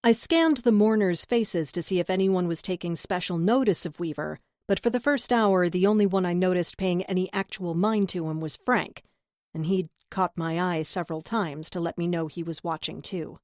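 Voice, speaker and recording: Female audiobook narrator, first-person crime fiction, lowish pitch, dry booth sound. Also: normal speed, a little mellow, no room sound.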